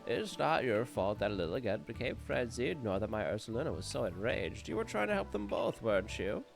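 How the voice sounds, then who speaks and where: A man's voice: mid-range voice, very animated, brisk, gravelly, soft background music. A man voicing a proud, formal elderly woman in a video game, speaking in a stately, old-fashioned way. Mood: formal, remorseful.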